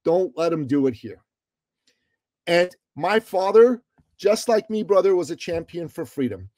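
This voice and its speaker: Impassioned, emphatic man with a mellow voice. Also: high voice, big pitch swings, measured pace, no echo. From Iran. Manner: emphatic, preachy, rises and falls in loudness. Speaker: podcast guest. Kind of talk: impassioned interview storytelling.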